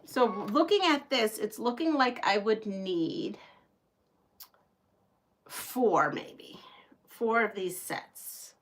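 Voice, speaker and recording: A woman's voice: medium pitch, extremely slow, long pauses, slight background noise. A middle-aged woman hosting a quilting live stream, chatting casually with viewers and often laughing. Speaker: quilting channel host. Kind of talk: casual live-stream chat while sewing. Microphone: home live-stream setup.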